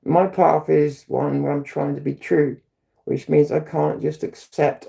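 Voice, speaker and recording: Guy on a livestream, heated and sweary, gravelly dark voice, sits a bit high. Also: fairly even intonation, moderate pace. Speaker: livestream host. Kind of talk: ranting livestream commentary.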